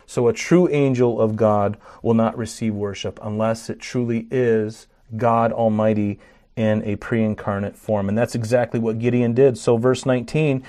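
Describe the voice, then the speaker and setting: A male preacher delivers a sermon in a mellow, darker voice. He is animated, acting out the figures he quotes, and often stumbles through fillers and restarts. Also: moderate pace. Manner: animated preaching, acts out scripture quotes with rising pitch and volume. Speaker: pastor.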